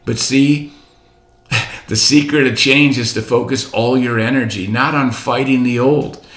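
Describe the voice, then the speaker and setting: A man's voice: mid-range voice, fairly even intonation, a little slow, a bit bright. Emphatic man in his sixties, roomy echo. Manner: emphatic and repetitive, rhetorical questions and asides. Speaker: motivational speaker coaching doctors. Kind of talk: motivational seminar talk.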